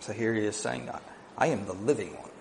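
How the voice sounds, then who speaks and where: A man preaching a sermon, moving between quiet, low asides and raised, emphatic declarations, with conversational "right?" asides. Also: brisk, vocal fry, a little hiss or hum.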